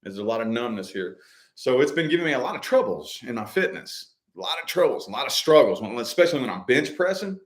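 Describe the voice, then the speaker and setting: A man's voice: medium pitch, big pitch swings, quick pace. Man telling a story loosely, cursing freely. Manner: loose, profane, repeats his phrases. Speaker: co-host of a couple's vlog. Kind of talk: casual storytelling chat.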